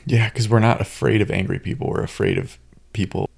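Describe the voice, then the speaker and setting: A man hosting a podcast, relaxed and thoughtful as he recounts a story in casual chat. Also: fairly low pitch, a little fast, creaky, breathy edge. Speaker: podcast host.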